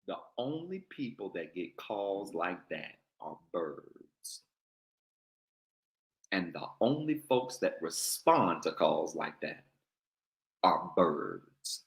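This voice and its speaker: Male pastor, slow and bright, preaching with call and response in an echoey church. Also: sits low, big pitch swings, vocal fry. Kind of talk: sermon.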